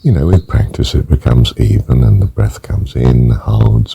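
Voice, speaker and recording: An older man teaching a guided breathing meditation, counting breaths gently and softly, sometimes near a whisper. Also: a bass voice, lively intonation, a little slow, few pauses, rough recording. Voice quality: gravelly, husky voice. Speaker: spiritual teacher.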